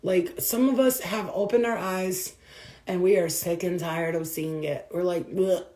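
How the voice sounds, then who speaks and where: Woman spiritual reader, casual and profane, given to laughter. Mellow voice, echoey room. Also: on the low side, steady tone, measured pace. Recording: roomy echo.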